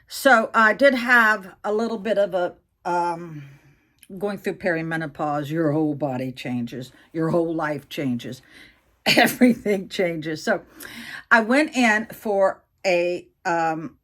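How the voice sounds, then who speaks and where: A woman's voice: on the low side, slow pace, a bit bright. A woman in her sixties, a vlogger chatting candidly to her viewers, telling a personal story with plenty of fillers and asides. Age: 60s. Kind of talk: casual storytelling to camera.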